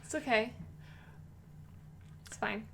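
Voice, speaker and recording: A woman co-hosting a live-stream podcast, chatting casually in a playful, excitable way. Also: on the high side, slow pace, creaky. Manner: playful, excitable, jokes a lot. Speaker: podcast co-host.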